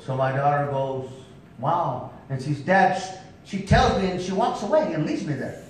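A man preaching at a revival, telling stories with emphatic calls of "come on now" to the congregation. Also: normal speed. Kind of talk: revival sermon storytelling. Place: church sanctuary. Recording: echoey church hall from far off, faint rumble.

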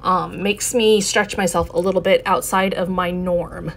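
A woman hosting her own scrapbooking channel, talking through her layout in a relaxed, explanatory way with frequent ums. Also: on the low side, a little slow, gravelly. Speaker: scrapbooking video host. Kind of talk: casual craft tutorial narration.

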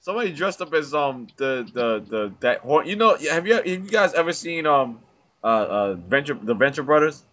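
A slightly high-pitched, somewhat bright male voice with wide pitch swings and a moderate pace. He's a friend on a computer-mic voice call, casually chatting and telling rambling stories full of restarts and fillers, laughing along the way. The recording sounds dull and lo-fi.

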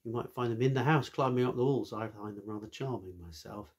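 A man's voice: lowish voice, a little fast, husky. A man, a teacher, reading a children's story aloud with friendly, chatty asides to young listeners.

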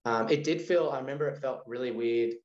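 Animated Australian man telling a story. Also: medium pitch, brisk. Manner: animated storyteller acting out quoted dialogue. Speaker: guest. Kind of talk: casual storytelling interview. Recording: roomy, slightly dull sound.

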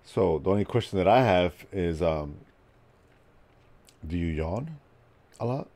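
A man's voice: low voice, animated, measured pace, mellow. A man with a stuffy nose from a cold, joking and chatting with viewers while he streams a game. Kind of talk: casual live-stream gaming commentary.

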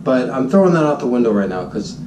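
A man, a high school Spanish teacher, telling a story in a jokey, boastful vlog and acting out his own shouts. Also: sing-song, fast talker, roomy sound, recorded from a distance, background noise. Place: Honolulu.

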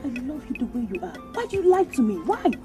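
Actress as a scolding young girlfriend, Nigerian accent, dismissive, animated fairly high voice, music behind. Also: fast talker. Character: exasperated young woman scolding her lying boyfriend. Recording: film audio with background music.

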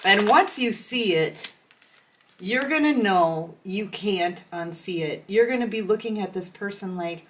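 A woman's voice: mid-range voice, lively intonation, measured pace, a bit bright. A woman giving a casual tarot reading, chatty and acting out imagined conversations with a laugh. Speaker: tarot reader.

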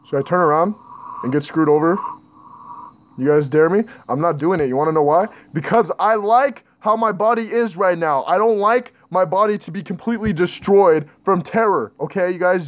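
A young man with a slightly high voice talks viewers through a horror game, jittery and panicky from start to end. A faint noisy hiss sits under his desk recording. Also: moderate pace. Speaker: gaming channel host. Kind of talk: scared horror gameplay commentary.

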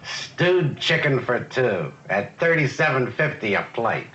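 An actor playing a persuasive businessman in the cockfighting world, in a smooth and showy manner. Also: mid-range voice, big pitch swings, a little slow. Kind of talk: film dialogue. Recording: dull lo-fi film sound, barnyard noise.

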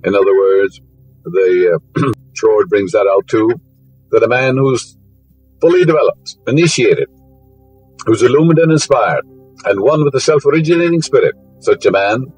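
A man's voice: medium pitch, darkish tone, rough recording. A man giving a spiritual lecture, full of fillers, whose voice rises sharply on key words. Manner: rambling, fillers, rising emphasis on key words.

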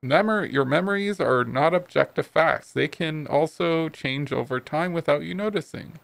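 A man voicing a talking toy tuna in a video game, reciting odd fun facts in a flat, matter-of-fact way. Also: a little high, moderate pace, gravelly, dry recording. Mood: deadpan. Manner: cheerful deadpan fact recital.

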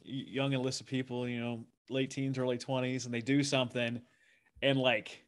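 A man hosting a podcast, talking in a relaxed, chatty way and laughing easily. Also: medium pitch, normal speed. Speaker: podcast host. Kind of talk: casual interview talk.

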